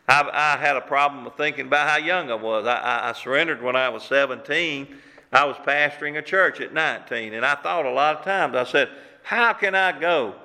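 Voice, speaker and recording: A man's voice: mid-range voice, gravelly, pushed and bright. A man, preaching a sermon as pastor, repeating words as he works up emphasis and lets his voice rise and fall. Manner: preaching with rising and falling emphasis, repeats words when worked up. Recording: hall reverb.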